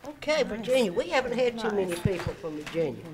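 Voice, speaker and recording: A woman's voice: medium pitch, sing-song, fast, a crowd in the background. A woman hosting a birthday party, upbeat, chatty and joking with guests, on a handheld microphone. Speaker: event host.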